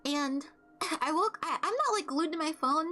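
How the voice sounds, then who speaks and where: A woman's voice: high voice, lively intonation, moderate pace, pushed and bright. A young woman streaming a game while telling stories in a blunt, profane, casual way.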